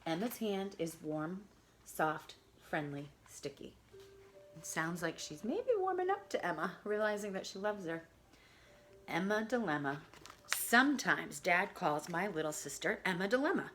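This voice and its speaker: A woman reading a picture book of poems aloud to children, expressive and adding chatty asides to her listeners. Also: on the low side, measured pace, faint music behind. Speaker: reader.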